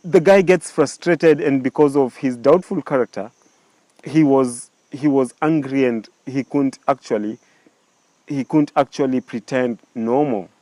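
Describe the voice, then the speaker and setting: A man's voice: medium pitch, measured pace, dark tone, no echo. A man telling a story casually, with many restarts and rhetorical questions.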